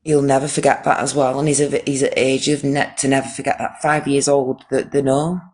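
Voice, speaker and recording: A man's voice: mid-range voice, level tone, fairly quick. A man hosting a live stream, indignant and emphatic, restarting his sentences.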